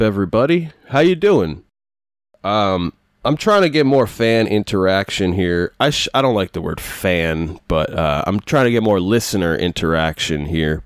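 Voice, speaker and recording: A man's voice: fairly low pitch, clear, resonant tone, dry recording, studio quality. A man hosting his own podcast alone, talking casually in a loose, profane, self-deprecating ramble. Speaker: podcast host.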